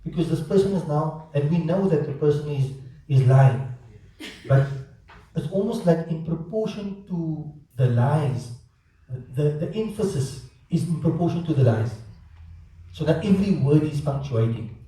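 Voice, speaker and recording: A man teaching a Quran lesson, animated and asking his students rhetorical questions. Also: on the high side, unhurried. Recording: echoey room from far off.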